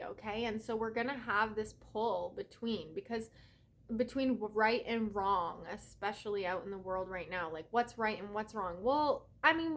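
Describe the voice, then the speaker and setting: A woman's voice: on the high side, fairly bright tone. Chatty woman giving a casual spiritual talk. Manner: chatty, peppers speech with "right?" and "okay?"; earnest, mildly profane. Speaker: spiritual reader and yoga teacher.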